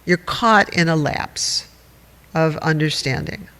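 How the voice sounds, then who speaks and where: A man's voice: fairly high pitch, slow pace, bright, forceful tone, clean tone. A man teaching a dharma talk to a group, conversational and wry, with asides to his listeners. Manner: conversational, wry and self-mocking, with audience asides. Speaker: meditation teacher. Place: meditation hall. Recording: long hall reverb.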